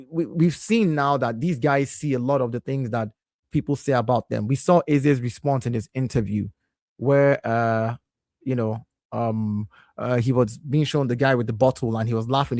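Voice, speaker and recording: Recorded at studio quality with no echo, a medium-pitched man in his thirties runs a relaxed live stream from his home office. His animated talk keeps getting interrupted as he scolds his kids and says hello to viewers.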